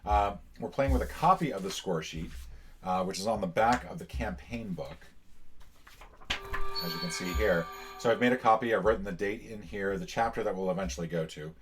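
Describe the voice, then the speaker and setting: A man hosting a casual solo board game playthrough, explaining in a relaxed way with many filler sounds. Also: sits low, moderate pace, soft background music. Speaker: board game channel host.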